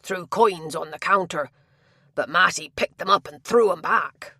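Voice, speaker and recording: A woman reading a big, sulky male tavern tapster with gruff rustic dialect speech. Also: on the low side, a little slow, pushed and bright, no echo, clean studio sound, heavily acted. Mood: grumbling.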